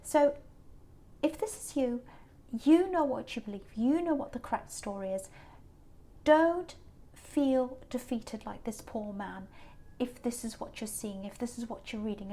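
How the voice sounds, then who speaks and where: A woman's voice: high-pitched, dark tone. A woman reading tarot cards to camera as the channel's host, earnest and emphatic, often repeating words for stress. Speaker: tarot reader.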